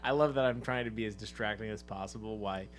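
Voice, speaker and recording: A man's voice: fairly low pitch, fast, soft background music. A man co-hosting a miniature painting livestream in casual, teasing chat. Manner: playful, giggly, teasing. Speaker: livestream co-host.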